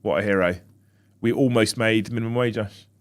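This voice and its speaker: A man co-hosting a football fan podcast in casual chat, reading out viewer comments with quick asides. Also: lowish voice, steady tone. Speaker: podcast co-host. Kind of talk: casual live-stream chat.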